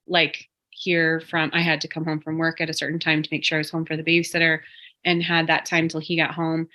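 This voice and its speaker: Female co-host, 30s, deep-set but bright tone, thoughtful and meandering. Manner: reflective, rambling with many fillers. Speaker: podcast co-host. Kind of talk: casual chat.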